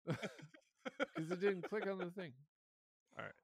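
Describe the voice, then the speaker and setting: A man with a Michigan accent, co-hosting a podcast in loose, excitable, profanity-heavy chat. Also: high voice, measured pace, dry recording, clean studio sound. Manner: excitable, swears a lot, laughs often. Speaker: podcast co-host.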